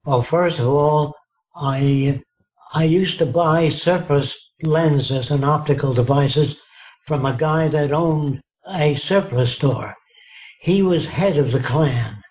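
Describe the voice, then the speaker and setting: A futurist in his nineties is interviewed in a conversational way, his voice on the high side, slow and somewhat dark. He's blunt and emphatic, frequently checking that he's being understood, and the recording sounds dull and lo-fi.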